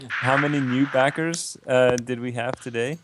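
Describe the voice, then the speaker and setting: A man's voice: mid-range voice, steady tone, moderate pace, background noise. A man co-hosting a live stream who reads the chat, runs giveaways and laughs often. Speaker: stream co-host running giveaways.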